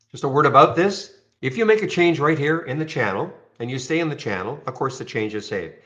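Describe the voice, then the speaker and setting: A man casually walking viewers through trading software on a screen share, rambling and checking in with "okay?". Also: medium pitch, muffled recording. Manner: rambling, frequent restarts and "okay?" check-ins.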